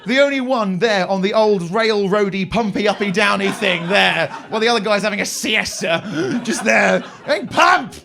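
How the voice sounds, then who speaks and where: A man's voice: high voice, fairly bright tone. A young English man performing a live stand-up routine on a comedy club stage, telling rambling stories with crude swearing.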